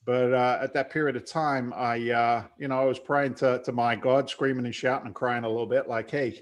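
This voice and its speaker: A man's voice: medium pitch, flat delivery, fairly quick. A man in his forties from London, with an accent that blends London English and Boston, talking casually and bluntly in an interview, laughing often. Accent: London English mixed with Boston. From London, England. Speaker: guest, real estate investor.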